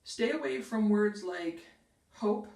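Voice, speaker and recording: A woman's voice: medium pitch, animated, slow pace, gravelly, mellow. Middle-aged female host giving career tips to camera: upbeat, emphatic, recorded with room echo from a distant mic. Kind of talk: direct-to-camera advice video.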